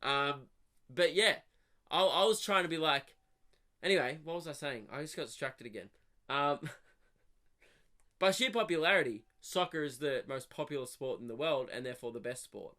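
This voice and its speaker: A young man riffs through a rambling comic monologue for his podcast. He swears freely, swings from animated rants to low muttered asides, and his voice sits slightly high with a bright, forceful edge. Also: normal speed. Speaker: comedian podcast host.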